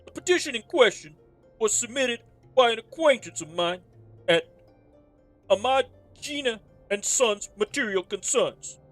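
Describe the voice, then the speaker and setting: Voicing a polite middle-aged male innkeeper in game dialogue on a stream, a woman speaks a little high, animated and measured, her voice pushed up over soft background music. She puts on a New Jersey wise-guy accent but keeps the speech formal, old-fashioned and courtly.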